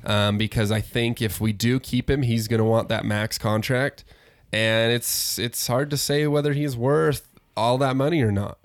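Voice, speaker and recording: A man in easy, casual sports chat, sure of his opinions and quick to laugh. His voice sits at an ordinary middle pitch. The sound is close and dry, with no room echo. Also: steady tone. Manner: laid-back, opinionated, laughs easily. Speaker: podcast co-host.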